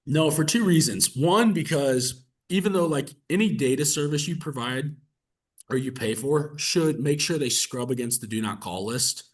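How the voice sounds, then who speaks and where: Husky-voiced man coaching sales calls. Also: on the high side, normal speed. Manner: energetic, conversational, fillers like "like" and "right?". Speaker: real estate coach. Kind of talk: coaching session with role-play practice.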